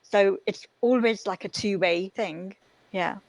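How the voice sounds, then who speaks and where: A woman's voice: medium pitch, measured pace, no room sound, rough recording. A woman guest who coaches parents, explaining her ideas in a thoughtful, casual interview.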